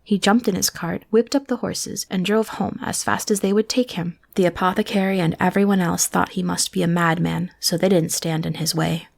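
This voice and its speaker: Gravelly hushed woman, whispered role-play. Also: fairly low pitch, fairly even intonation, moderate pace, hardly any pauses. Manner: soft, hushed bedtime reading. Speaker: storyteller.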